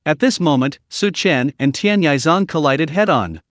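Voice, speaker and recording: A man's voice: a little high, expressive, moderate pace, hardly any pauses, no room sound, studio quality. A man narrating a comic recap story in short, choppy phrases.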